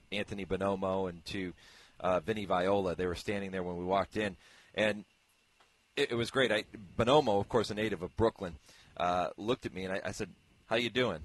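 A man with a lowish voice hosts a horse racing radio show. He talks in a chatty, storytelling way and tells anecdotes from the barns at an easy pace.

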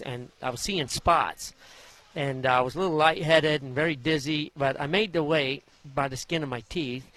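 This medium-pitched man from Idaho is a former jockey. In an interview, he tells stories from his riding career in a folksy, animated way and acts out the voices of the people in them.

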